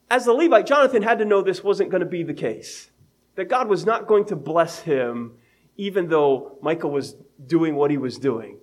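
A man's voice: a little high, lively intonation, moderate pace. A man preaching an evening sermon in a conversational way, reading scripture aloud and laughing at his own everyday examples.

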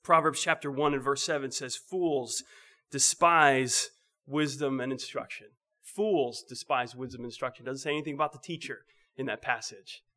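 A man preaching a sermon in a conversational way, asking rhetorical questions and dropping to a soft, quiet voice on key points. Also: mid-range voice, fairly quick.

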